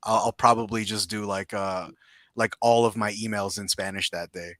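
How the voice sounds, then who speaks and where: A man with a lowish but bright voice co-hosts a live stream, chatting playfully and restarting his sentences often. The recording is dry and close to the mic. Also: fairly even intonation, dry recording. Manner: playful, jokey, halting with restarts. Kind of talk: casual chat.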